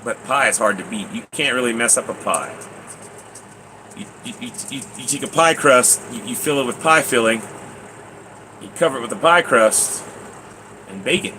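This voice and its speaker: A man chatting casually on a live stream, rambling and excitable, often laughing. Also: medium pitch, normal speed, long pauses, slight background noise, rough recording.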